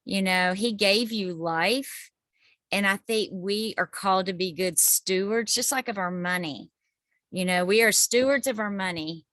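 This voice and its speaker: A woman's voice: mid-range voice, a little slow, a bit bright, no echo. A woman hosting a group video call, upbeat and encouraging. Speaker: host of a wellness group call.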